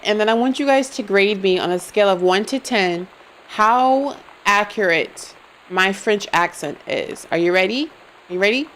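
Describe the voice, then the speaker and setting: A woman's voice: mid-range voice, a bit bright, slight background noise, low-quality recording. Playful young woman streamer. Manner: playful, jokey, talks to chat. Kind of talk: live gameplay commentary.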